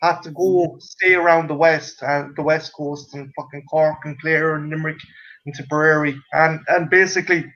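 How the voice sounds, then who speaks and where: A man with an Irish accent, talking in a casual chat, profane and animated as he tells stories. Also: fairly high pitch, normal speed. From Ireland. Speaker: co-host. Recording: dull lo-fi audio.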